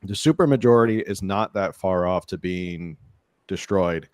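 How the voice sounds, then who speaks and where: A man hosting a casual political podcast, relaxed and joking, often restarting his sentences. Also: deep voice, normal speed, dry recording, clean studio sound. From San Diego, California. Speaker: podcast host.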